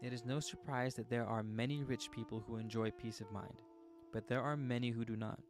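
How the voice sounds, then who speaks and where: A man's voice: mid-range voice, steady tone, a little fast. A man hosting a livestream, reading a book aloud and breaking off to chat and joke with his viewers. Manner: playful, chatty, joking with viewers. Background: guitar music.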